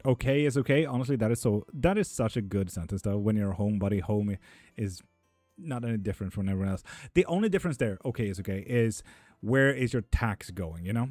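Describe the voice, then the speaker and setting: A man's voice: lowish voice, animated, fast talker, darkish tone, dry recording, faint music behind. A young man hosting a casual live stream from home, reading chat aloud and bantering with loose, foul-mouthed humor. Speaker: streamer giving tarot readings.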